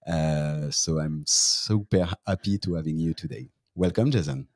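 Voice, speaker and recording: A man from France hosting an interview over a video call, speaking eager, halting English with a French accent. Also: rumbling low, a little mellow. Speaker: podcast host. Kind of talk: interview host.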